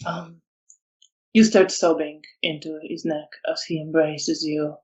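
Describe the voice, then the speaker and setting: Slow-paced tabletop storyteller. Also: medium pitch, level tone, low-quality recording. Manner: slow, descriptive narration with fillers. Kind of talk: narrating a tabletop role-playing game.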